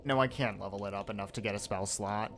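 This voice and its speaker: A man's voice: fairly low pitch, fairly even intonation, fast talker, background noise. A man narrating his game casually, reacting to his own mishaps as he plays. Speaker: gameplay commentator. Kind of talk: casual let's-play chat.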